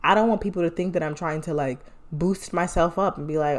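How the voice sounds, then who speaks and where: A woman's voice: lowish voice, expressive, quick pace, hardly any pauses, darkish tone. Chatty young woman hosting a podcast. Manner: chatty and rambling, with playful asides and laughs. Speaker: podcast host. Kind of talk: casual solo podcast update.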